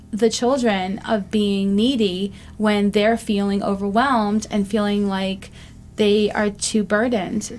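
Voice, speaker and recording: In her fifties, this woman hosts a recovery show, delivering a casual talk-show monologue that is reflective and earnest, peppered with ums. Her mid-range voice has a darkish tone, and there's slight hiss or hum on the recording.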